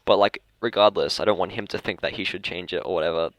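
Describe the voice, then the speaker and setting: A young man with a natural Australian accent talks casually into the mic, his voice low and the sound dry and close. He rambles through half-finished thoughts, corrects himself mid-sentence and chuckles at his own tangents. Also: fast talker, dry recording. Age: young adult. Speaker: podcast host. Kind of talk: casual chat. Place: school library.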